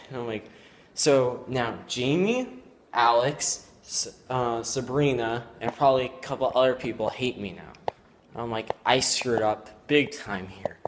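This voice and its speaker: A teenage boy talks through a confessional vlog in a regretful, downcast way. He rambles and stalls, restarting sentences and leaning on filler words. His voice sits at a middle pitch, with a faint hiss of noise behind him. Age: teens. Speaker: vlogger.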